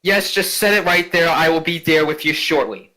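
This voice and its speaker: A man putting on a shrill, haughty noble ghost lady. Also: normal speed, pushed and bright, rough recording. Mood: imperious. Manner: shrill, scolding, imperious. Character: haughty noble ghost woman, ancient great-grandmother, imperious.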